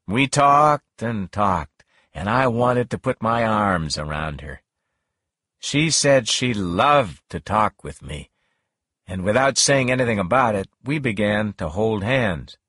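Guy reading a novel out loud, slow and husky, lots of ups and downs in his voice. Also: on the low side, dry recording, studio quality. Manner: slow, measured, expressive reading. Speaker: audiobook narrator. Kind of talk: first-person novel narration.

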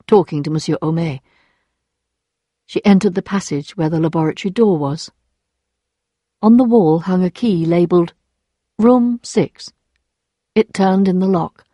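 A woman narrating an audiobook in a steady, measured storytelling voice. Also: lowish voice, no echo, clean studio sound.

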